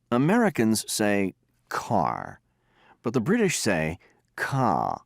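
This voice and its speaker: A man's voice: on the low side, dry recording, clean studio sound. A man giving a textbook listening lecture, explaining and demonstrating pronunciation by example.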